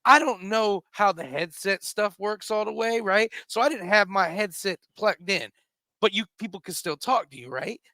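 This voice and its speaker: A man in his forties telling a comic story on talk radio, animated, acting out quotes and stammering in bursts. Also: high-pitched, moderate pace, dry recording. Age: 40s. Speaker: comedian and show co-founder. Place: remote virtual studio.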